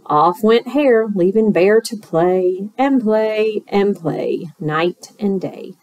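Woman teacher for a storytime read-aloud: slow and expressive, rhythmic, talks to kids. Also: medium pitch, no room sound, dull audio. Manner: expressive, rhythmic, with asides to children.

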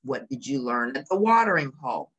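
Female reader as wise male lion king; calm, measured, fatherly, low storybook voice. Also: husky, exaggerated voice. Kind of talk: storybook reading.

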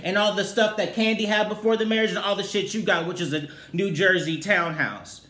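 A man giving a sassy, profane recap of a reality show, with loud exclaimed outbursts. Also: sits high, fairly even intonation, brisk, few pauses. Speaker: TV recap host. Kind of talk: casual review commentary. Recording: roomy echoey room.

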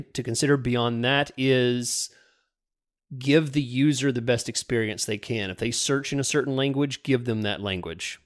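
Easygoing man co-hosting a podcast. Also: medium pitch. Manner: easygoing, laughs often, restarts sentences. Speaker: podcast co-host. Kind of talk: casual chat.

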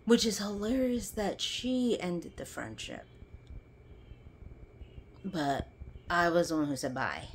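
A woman's voice: a little high, lively intonation, unhurried, long pauses, a bit bright. A young woman ranting to her phone camera, heated and sarcastic, swearing and laughing bitterly. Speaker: vlogger. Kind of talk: angry personal rant to camera.

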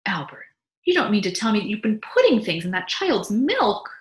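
A woman's voice: medium pitch, big pitch swings, moderate pace, voice pushed up, natural voice. A woman voicing a worried, indignant young mother who presses her husband with questions, in a read-aloud story. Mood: alarmed, scolding. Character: anxious, scolding young mother and wife. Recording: echoey room.

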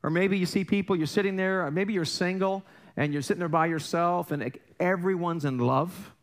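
A middle-aged pastor with a high-pitched voice speaks a little fast during a casual sermon in the church sanctuary. His style is conversational and jokey, with self-deprecating stories, frequent restarts and rhetorical questions put to the congregation.

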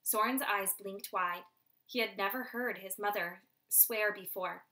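A woman reading a children's novel aloud in steady storytelling narration. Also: medium pitch, unhurried. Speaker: audiobook reader. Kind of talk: scripted audiobook narration.

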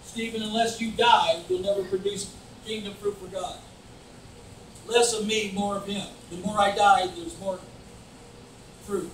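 A man preaching a fervent sermon as pastor, building to shouts and mocking voices. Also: high-pitched, steady tone, a little slow, long pauses. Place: church. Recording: echoey church from far off, faint noise. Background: congregation calling back.

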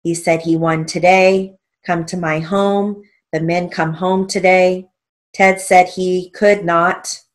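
A woman teaching a steno theory lesson, patiently spelling out strokes letter by letter. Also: on the low side. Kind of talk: recorded lesson.

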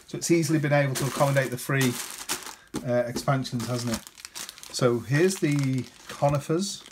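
A man's voice: mid-range voice, slight background noise. A man casually talking through a board game unboxing, chatty and rambling, often ending with tag questions.

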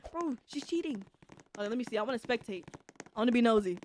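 Woman streamer, high voice, wild swoops, game music behind. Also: fast talker, background noise. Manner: excitable, shrieks and yells when scared; chatty with chat, many fillers. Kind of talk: live-streamed gameplay chat.

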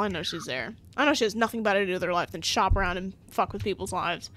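A young woman chatting casually while playing a story game, animated, laughing often and swearing when annoyed. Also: medium pitch, fast, few pauses. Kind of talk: casual gameplay commentary.

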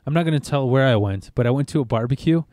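A man's voice: mid-range voice, quick pace, mellow, no echo. A man hosting a podcast, telling stories in a rambling, swearing, laughing way. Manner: rambling storyteller, swears a lot, laughs often. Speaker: podcast host. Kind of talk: casual chat.

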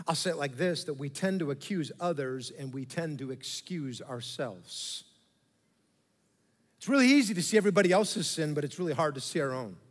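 A man preaching a sermon to his congregation, telling an animated story with mock voices and asides to the listeners. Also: medium pitch. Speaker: pastor. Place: large church hall. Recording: long reverb of a church hall.

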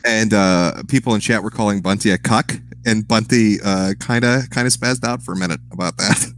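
A man's voice: fairly low pitch, normal speed, a bit bright. A man chatting casually as a stream guest, rambling, swearing often and laughing at his own jokes. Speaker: guest on a live stream show. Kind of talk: casual profane chat.

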